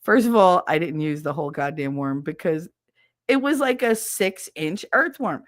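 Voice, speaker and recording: A woman's voice: deep voice, animated, normal speed, no room sound, clean studio sound. A middle-aged woman hosting a stream, telling a funny story in a casual, profane way and mimicking other people with squeals. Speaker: stream host.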